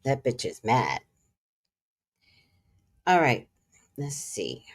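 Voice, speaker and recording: Brief: woman vlogger, casual chat, scolds the cat, swears a lot, swings from loud to muttered, animated and unhurried. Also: husky. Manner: scolding a cat between remarks to viewers, frequent swearing; swings between loud exclamations and low muttering.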